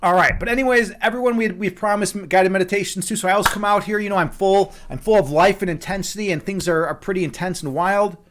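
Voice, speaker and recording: An excitable man in casual livestream chat, speaking in a slightly higher register. He swears freely and often repeats himself, circling back to the same phrase. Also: quick pace, hardly any pauses, slight background noise. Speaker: livestream host.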